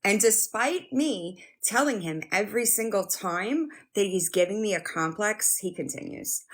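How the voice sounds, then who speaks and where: A woman talks to her live-stream viewers into her phone, loose and chatty, with swearing and frequent laughter. Her voice sits at a middle pitch but swings up and down a lot. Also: expressive, a little slow, a bit bright. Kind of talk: casual live-stream chat.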